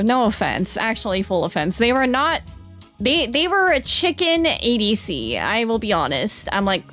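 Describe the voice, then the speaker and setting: A woman's voice: mid-range voice, big pitch swings, moderate pace, a bit bright, faint music behind. A young woman with a Southern American accent, chatting casually with her live-stream chat in a bubbly, dramatic way. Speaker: VTuber streamer reading chat.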